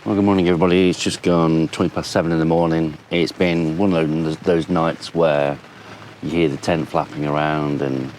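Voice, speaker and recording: A man's voice: extremely low pitch, level tone, normal speed, a little mellow, a little hiss or hum. A tired man rambling easily to camera from inside his tent at a campsite, talking with lots of fillers. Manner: rambling, easygoing, many fillers. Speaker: camping vlogger. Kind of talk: casual vlog chat to camera. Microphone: action camera.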